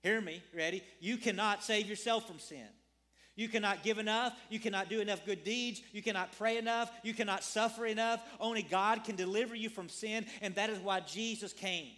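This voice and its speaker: A man's voice: high-pitched, normal speed, bright, forceful tone. A man preaching a sermon as a pastor, earnest, repeating phrases and asking his congregation questions.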